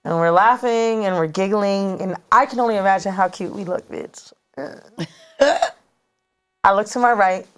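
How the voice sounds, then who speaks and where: A woman in her thirties telling a story in casual chat as a podcast co-host, animated and slangy, recorded in a studio. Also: mid-range voice, a little slow, clean tone. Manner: animated, slangy, dramatic retelling.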